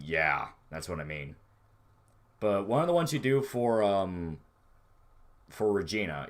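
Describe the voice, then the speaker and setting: Laid-back, low-voiced male streamer. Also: a bit bright. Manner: rambling, profane, laid-back. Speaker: streamer reading chat. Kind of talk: casual livestream chat.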